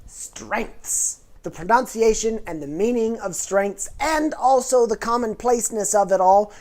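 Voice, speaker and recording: A woman's voice: on the high side, lively intonation, a little slow, darkish tone. A woman hosting a casual educational vlog, explaining things in a playful, nerdy way. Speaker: host.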